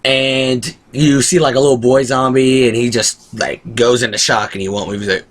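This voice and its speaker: Male vlogger, casual reviewer, rambling and excitable, average pitch. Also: normal speed, a little hiss or hum. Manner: excitable, rambling retelling of scenes. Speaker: show reviewer.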